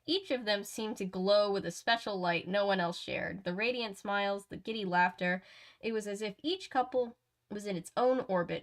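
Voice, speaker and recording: A young woman reading a novel aloud, breaking off for chatty, sarcastic asides and frequent ums. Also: medium pitch.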